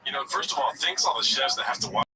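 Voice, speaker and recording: A man co-hosting a casual podcast, reading out posts and tweets in a relaxed, joking way. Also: medium pitch, quick pace, a crowd in the background. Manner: relaxed, laughing, reads posts aloud. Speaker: podcast co-host reading clips. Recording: distant mic with background noise.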